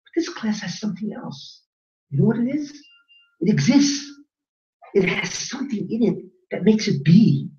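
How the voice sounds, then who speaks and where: Animated rabbi lecturing a roomy class. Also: male voice, sits high. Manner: animated, questioning the audience, joking. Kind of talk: lively Torah class lecture. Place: classroom with live audience. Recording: roomy lo-fi recording from a distance.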